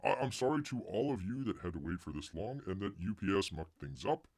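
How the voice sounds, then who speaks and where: A man's voice: low-pitched, animated, a little fast, darkish tone, slightly rough, no room sound. A man hosting a casual live stream, rambling and joking, muttering asides and calling himself Bear. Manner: rambling, jokey, calls himself Bear in the third person; mutters asides under his breath. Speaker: host of a comics news live stream.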